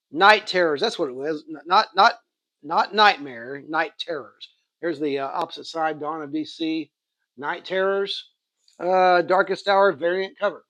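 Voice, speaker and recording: A man casually chatting through his comic book haul in a relaxed, rambling way, often correcting himself. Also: high voice, dry recording. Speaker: comic collector showing a haul. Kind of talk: casual unboxing chat.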